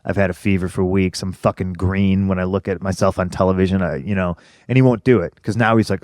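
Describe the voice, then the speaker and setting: A middle-aged man telling a profane story in casual talk, getting more animated whenever he quotes his own rants. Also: low-pitched, fast talker, no echo, studio quality.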